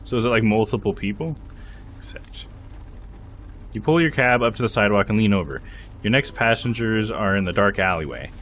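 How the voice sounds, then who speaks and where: A young man streaming a game, reading its text aloud with lively commentary and frequent laughs. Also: lowish voice, a little fast, long pauses, soft background music. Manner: lively, laughs often, reads narration aloud.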